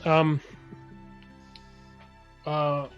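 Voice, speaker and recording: A man's voice: on the high side, monotone, extremely slow, dull audio, soft background music. A man running a tabletop game as game master, describing scenes with many fillers and restarts.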